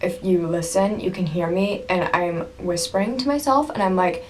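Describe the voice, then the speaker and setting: A woman's voice: medium pitch, normal speed, few pauses, background noise. A young woman vlogging to camera at home, gushing and breathless as she tells a story, with bursts of laughter and sudden drops to a whisper. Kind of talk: casual excited storytelling to camera.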